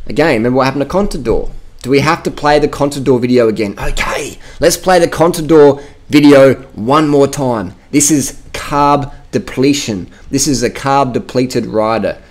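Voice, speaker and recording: Male vlogger, mid-pitched voice, brash and profane rant delivery. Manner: profane, emphatic, boastful. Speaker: cycling vlogger. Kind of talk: casual vlog rant.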